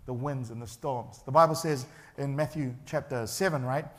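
A man's voice: medium pitch, moderate pace. A male pastor, preaching a sermon in a church and acting out the people in his story. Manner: animated, acts out the characters' voices.

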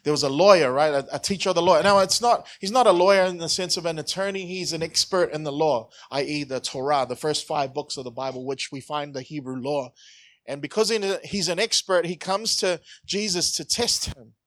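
A man's voice: a little high, a little fast, fairly bright tone, no echo. A man preaching a conversational sermon, joking and asking the congregation questions. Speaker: pastor.

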